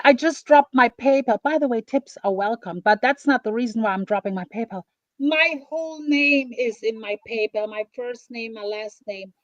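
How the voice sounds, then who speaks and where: A high-voiced woman from Germany talks bluntly on a stream, swearing and stopping to restart her thoughts. The audio is dull and lo-fi, dry and close. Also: no echo. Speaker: commentary streamer. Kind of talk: casual drama commentary chat.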